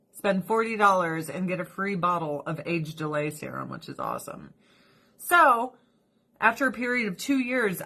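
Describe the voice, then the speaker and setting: A blunt, profane woman chatting casually at home during her skincare routine. Her voice sits at an ordinary middle pitch, lively and animated, and she talks with frank, unfiltered energy. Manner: profane, blunt and animated, with lots of acted quotes. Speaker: vlogger. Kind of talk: casual chat while doing skincare.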